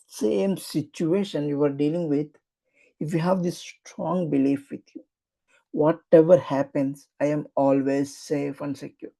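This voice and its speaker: A guide leads a guided affirmation meditation in a soothing, repetitive way. The voice is very dark and mellow, with a gravelly fry, and it moves at an unhurried, drawn-out pace. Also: medium pitch, rough recording. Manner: slow, soothing, repetitive instruction.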